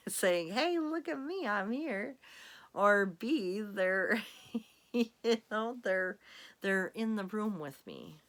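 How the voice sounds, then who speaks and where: A woman talks casually to her camera in a rambling, giggly way. Her voice sits a little low but sounds bright and clear. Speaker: vlogger.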